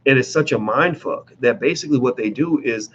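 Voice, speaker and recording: A man's voice: medium pitch, brisk, fairly bright tone, muffled recording, slight background noise. A man giving blunt, emphatic commentary in a casual vlog, talking straight to his viewers with plenty of profanity.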